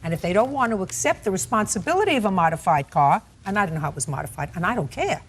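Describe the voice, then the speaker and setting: A woman's voice: mid-range voice, sing-song, rapid-fire, husky. An older woman presiding as a television judge, questioning litigants bluntly and cutting them off. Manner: blunt, cutting, interrupts often. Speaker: TV courtroom judge. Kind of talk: stern courtroom questioning. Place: TV courtroom set.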